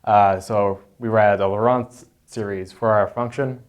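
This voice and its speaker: A man's voice: lowish voice, fairly even intonation, a little slow, clear, resonant tone. A man explaining a math proof in an unscripted lesson, hesitant, with frequent fillers and self-corrections. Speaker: math tutor.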